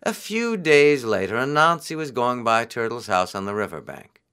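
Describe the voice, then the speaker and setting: A man reading a children's folk tale aloud in an expressive, unhurried way. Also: medium pitch, clean tone. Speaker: storyteller.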